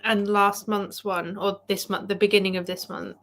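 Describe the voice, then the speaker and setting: Relaxed, friendly woman guest. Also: medium pitch, moderate pace. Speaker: guest book reviewer. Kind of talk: casual livestream chat.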